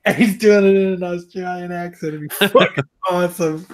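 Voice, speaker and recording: A man with a notably high voice banters on a casual podcast, quick to laugh and swear. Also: steady tone. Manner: jokey, swears, laughs often. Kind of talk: casual chat.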